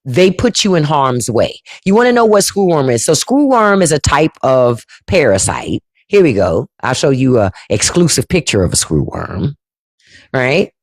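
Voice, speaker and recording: A woman's voice: very deep voice, sing-song, normal speed, no echo. A woman hosting a casual livestream, telling stories in a blunt, profane way into a close mic. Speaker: host.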